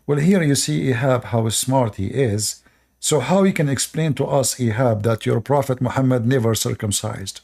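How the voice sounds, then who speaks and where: A man's voice: medium pitch, normal speed, vocal fry, darkish tone. A man with an Arabic accent, native Arabic speaker, hosting a live stream and lecturing his viewers in short repeated commands with broken grammar. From Middle East. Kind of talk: casual live stream monologue.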